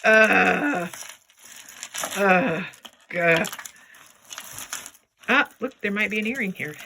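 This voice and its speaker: Bright, chatty lady sorting jewelry, voice bouncing all over, talks to her stuff in goofy voices. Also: mid-range voice, expressive, very slow, vocal fry, pauses often. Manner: chatty and playful, talks to objects in silly voices. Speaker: jewelry reseller vlogger. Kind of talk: casual chat while sorting jewelry.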